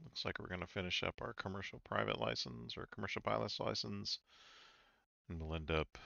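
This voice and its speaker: A man's voice: lowish voice, brisk, gravelly, sharp tone, no echo, highs cut off. A man giving casual commentary over a flight simulator game, thinking aloud and reading on-screen instructions with small stumbles. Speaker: flight simulator gameplay creator.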